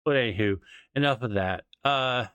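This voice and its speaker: A man's voice: mid-range voice, moderate pace, a bit bright, clear, resonant tone, dry recording. A man co-hosting a podcast in casual chat, rambling and stammering with lots of swearing. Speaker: podcast co-host.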